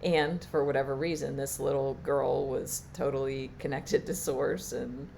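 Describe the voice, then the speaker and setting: A woman teacher giving a reflective spiritual talk on a live stream, halting and trailing off with fillers. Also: a bass voice, flat delivery, gravelly, darkish tone, slight background noise. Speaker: meditation and Reiki teacher.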